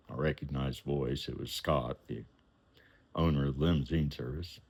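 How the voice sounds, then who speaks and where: A man telling a personal story in an animated way, acting out the voices of the people in it and chuckling now and then. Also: very deep voice, moderate pace, husky.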